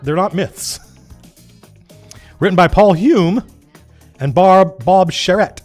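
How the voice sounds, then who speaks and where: A man hosting a casual livestream, reading old game zines aloud and breaking off into rambling, animated comments. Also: sits high, takes it slowly, faint music behind. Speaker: livestream host.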